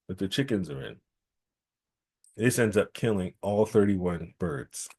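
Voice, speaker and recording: Low-voiced male storyteller, repeating for emphasis. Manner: lively, repeats key phrases for emphasis. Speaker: storyteller at a temple gathering. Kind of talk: oral storytelling.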